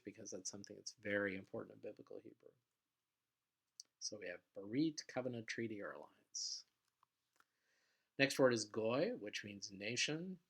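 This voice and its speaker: A man teaching a recorded vocabulary lesson in a patient, explanatory way, with frequent pauses and fillers. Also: lowish voice, gravelly, a bit bright.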